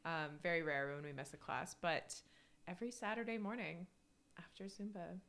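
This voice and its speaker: A woman's voice: on the low side, fairly even intonation, moderate pace, vocal fry, a bit bright. A woman in her thirties co-hosting a podcast, chatting casually with lots of fillers and frequent laughter. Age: 30s. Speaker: podcast co-host. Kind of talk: casual chat.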